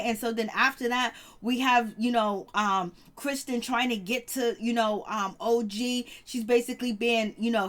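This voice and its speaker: Fairly high-voiced woman reviewer, gossipy and dramatic, telling a show's events in a loose, rambling way. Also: a bit bright. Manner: chatty, dramatic retelling with many fillers. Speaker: TV show reviewer. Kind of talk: casual recap of a reality show.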